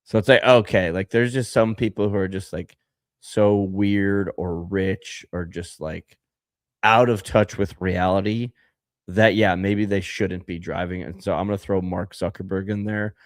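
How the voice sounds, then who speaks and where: A man's voice: deep voice, steady tone, measured pace, dry recording, studio quality. A man co-hosting a casual podcast, ranting and rambling with lots of fillers and laughter. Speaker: podcast co-host.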